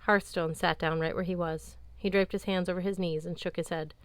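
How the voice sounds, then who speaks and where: Woman reading an audiobook, lowish smooth voice, measured, super dry close mic. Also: fairly even intonation, dry recording. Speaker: audiobook narrator. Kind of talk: scripted narration.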